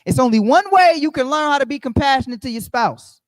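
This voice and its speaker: A man's voice: very high-pitched, fairly quick, dry recording. A man leading a Bible study, preaching conversationally and emphatically, repeating his key phrases as he speaks straight to the group.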